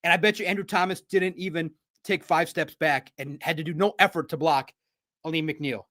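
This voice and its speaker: A man hosting a casual sports talk show, riffing in an animated, jokey way with sudden loud bursts. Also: on the high side, normal speed.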